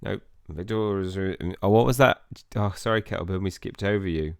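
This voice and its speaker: A hoarse young man hosts a game playthrough, chuckling between lines and trying out voices for the characters. His voice sits on the low side. The sound is close and dry, with no room in it. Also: brisk, no echo. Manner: laughs often, reads character lines in put-on voices. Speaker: gaming channel host. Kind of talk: let's-play commentary, reading game dialogue aloud.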